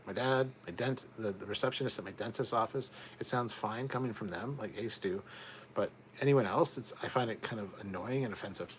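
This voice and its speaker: A man's voice: mid-range voice, slight background noise. A man hosting a casual livestream, reading viewer comments aloud and rambling on in chatty asides, swearing now and then. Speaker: livestream host reading chat.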